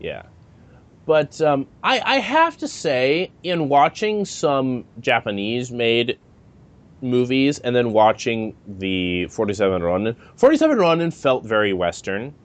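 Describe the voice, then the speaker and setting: A man's voice: medium pitch, very animated, measured pace. A man co-hosting a podcast in casual chat, talking hesitantly with many fillers and restarts. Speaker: podcast co-host.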